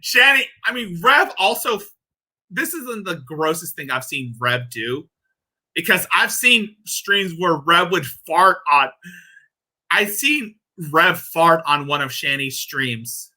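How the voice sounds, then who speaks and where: A man's voice: high voice, expressive, takes it slowly, bright, forceful tone. A man hosting casual reaction commentary, rambling and crude, often laughing at his own jokes. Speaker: commentary channel host.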